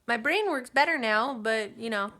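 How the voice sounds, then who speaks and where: Bright-voiced chatty young mother. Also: on the high side, expressive, normal speed. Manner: chatty, upbeat, with laughs and fillers. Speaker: vlogger, new mother. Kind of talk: casual chat. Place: home nursery.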